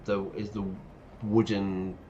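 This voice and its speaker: A man's voice: on the low side, flat delivery, dark tone. Playful man explaining words, lo-fi mic. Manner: playful, explains words, drawn-out yeah? asides. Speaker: English-teaching game streamer. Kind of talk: casual commentary while playing. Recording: dull lo-fi mic with faint noise.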